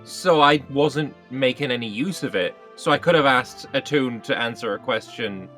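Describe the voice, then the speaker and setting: A man's voice: mid-range voice, moderate pace, a bit bright, faint music behind. A man playing a tabletop game, inquisitively checking his assumptions about the rules. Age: adult. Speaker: player. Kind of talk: casual chat at a tabletop game.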